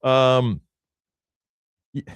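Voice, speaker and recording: A man's voice: mid-range voice, steady tone, extremely slow, clear, resonant tone, no room sound. A man hosting a sports radio show, talking loosely with lots of fillers. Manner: loose and conversational, many fillers. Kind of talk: casual sports talk. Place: radio studio.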